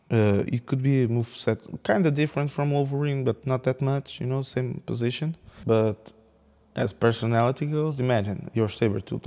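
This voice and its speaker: A man's voice: mid-range voice, gravelly, warm tone. Hesitant, rambling male gamer. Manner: rambling, hesitant, laughs at own jokes. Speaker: gaming video creator. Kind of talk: casual game commentary.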